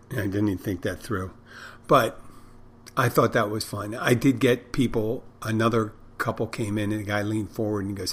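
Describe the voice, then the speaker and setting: A middle-aged man with a slightly low voice talks through an unscripted podcast monologue. He wanders from topic to topic with a dry, joking manner and chuckles at his own stories. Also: steady tone, brisk, husky. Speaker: podcast host and restaurant owner.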